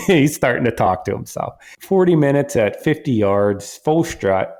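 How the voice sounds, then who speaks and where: A hunter and father casually telling a story about a hunt, animated and full of quoted dialogue and restarts. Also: mid-range voice, measured pace. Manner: animated, quotes himself and others, frequent restarts.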